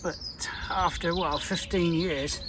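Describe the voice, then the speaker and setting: A man's voice: a little high, steady tone, slow pace, background noise. A man in his sixties from Britain, a gardener talking casually in his own garden vlog, rambling and hesitant with lots of restarts and side stories. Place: outdoors in a garden.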